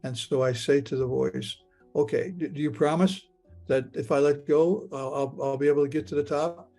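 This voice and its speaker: A man retelling a personal experience in the first person and the present tense, halting and stammering as he repeats his words. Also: mid-range voice, level tone, gravelly, mellow, faint music behind. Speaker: near-death experience witness.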